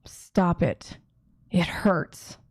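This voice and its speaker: A woman's voice: fairly low pitch, drawn-out words, darkish tone, no room sound, studio quality. Woman voicing a frightened, hurting old dog. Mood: pained pleading. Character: scared hurting old male dog, pleading.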